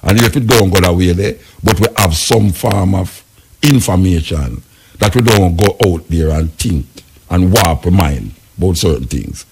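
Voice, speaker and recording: Jamaican male radio host, gravelly and husky voice, argues in patois. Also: lowish voice. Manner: Jamaican patois, speculative, argumentative. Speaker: radio talk show host. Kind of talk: casual radio talk.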